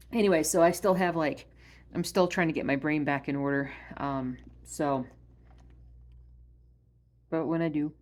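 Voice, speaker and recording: A woman vlogging casually at home about stitching. She rambles with many ums and uhs and often drops to a soft murmur. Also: sits low. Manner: soft-spoken, drops to a murmur when addressing her dog. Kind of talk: casual chat. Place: at home by her stitching spot.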